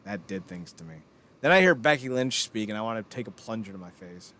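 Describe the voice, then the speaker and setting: A man's voice: fairly low pitch, fairly quick. A man in his thirties hosting a podcast, chatting casually and joking with lots of laughter. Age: 30s. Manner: animated, joking, laughs often. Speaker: podcast host. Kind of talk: casual chat.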